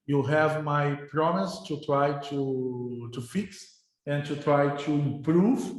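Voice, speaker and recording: A middle-aged male professor, speaking informally to his class in halting English, often repeating words. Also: fairly high pitch. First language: Portuguese. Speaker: university professor. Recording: very echoey room.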